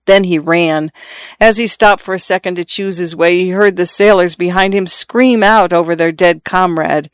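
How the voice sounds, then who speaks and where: Storybook narrator, measured steady reading, middle pitch, dry close recording. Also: smooth, dry recording. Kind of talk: audiobook narration.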